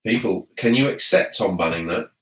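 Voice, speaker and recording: A man's voice: deep voice, moderate pace, fairly bright tone, recorded from a distance. A grown man hosting a casual live gaming podcast, teasing his co-host and reading chat messages aloud. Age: adult. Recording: echoey room, away from mic.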